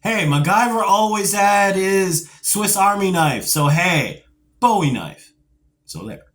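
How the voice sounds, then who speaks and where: Middle-aged male collector for a toy review; unhurried, pitched a bit high, rambling and playfully nostalgic. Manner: animated and rambling, with playful asides; nostalgic, geeky enthusiasm. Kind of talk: casual video review.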